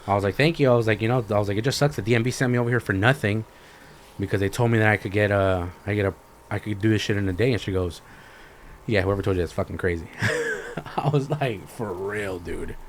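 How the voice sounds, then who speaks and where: A young man hosting a podcast, telling a story in a profane, animated rant and acting out both sides of the conversations. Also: on the low side, fast talker, a little hiss or hum. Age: young adult. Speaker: podcast host. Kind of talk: ranting casual storytelling.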